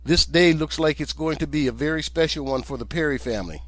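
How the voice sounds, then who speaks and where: A man's voice: fairly high pitch, fast, a bit bright, no echo, close to an everyday voice. A man voicing a tall, kindly shopkeeper with a Scottish accent who speaks in a friendly, reassuring way.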